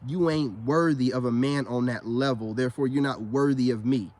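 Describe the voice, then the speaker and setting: A man's voice: mid-range voice, moderate pace, a little mellow. A middle-aged man ranting in a profane, boastful monologue full of street slang. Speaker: online commentator.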